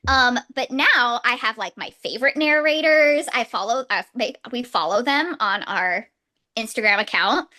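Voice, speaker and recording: A woman's voice: a little high, normal speed, sharp tone. A young woman co-hosting a casual book podcast, gushing and laughing often as she chats. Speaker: podcast co-host.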